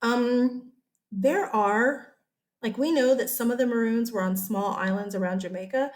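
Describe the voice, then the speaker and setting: Walking her students through a history lesson over slides, a woman teacher stays chatty and animated, regularly asking "okay?" to check in with listeners. Her voice is higher-pitched and her pace unhurried.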